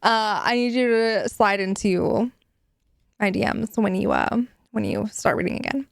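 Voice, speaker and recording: A woman's voice: mid-range voice, unhurried, gravelly, no echo, clean studio sound. A woman streamer chatting casually with her viewers, giggly and playful, with casual swearing.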